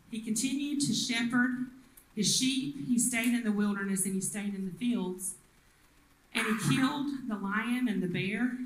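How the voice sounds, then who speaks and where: A woman's voice: mid-range voice, roomy sound, low-quality recording. A woman pastor, preaching a sermon and retelling the story with acted voices. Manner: storytelling, acts out the quoted people.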